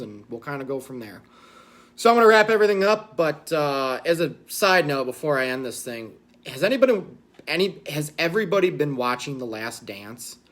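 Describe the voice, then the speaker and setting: A man's voice: mid-range voice, fairly bright tone. A man hosting a casual livestream, rambling and self-deprecating, with lots of fillers. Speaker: channel host.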